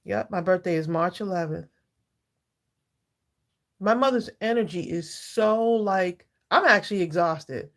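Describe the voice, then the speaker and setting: A woman in her sixties with a gravelly, somewhat low voice, hosting a live stream. She talks in a heartfelt, chatty way, answers her viewers by name and breaks into laughter often. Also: a little slow, long pauses. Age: 60s. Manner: heartfelt, chatty, reads viewers' comments aloud and greets them by name; laughs often between thoughts. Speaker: livestream craft channel host.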